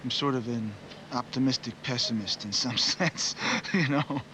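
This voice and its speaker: A man's voice: medium pitch, moderate pace, background noise. Reflective man musing in an interview. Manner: rambling, reflective, many "you know" fillers. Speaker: musician. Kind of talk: casual interview answers.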